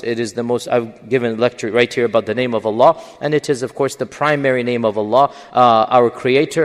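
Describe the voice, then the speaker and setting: A man's voice: medium pitch, big-room sound. A man giving a religious lecture in English, explaining with emphasis and frequent fillers. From English-speaking. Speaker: Islamic lecturer.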